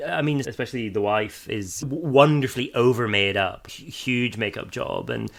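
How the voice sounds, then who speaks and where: A man's voice: medium pitch, moderate pace, creaky. An Irish man co-hosting a podcast, chatting loosely about a film, laughing often and restarting his sentences. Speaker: podcast co-host. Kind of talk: casual film discussion.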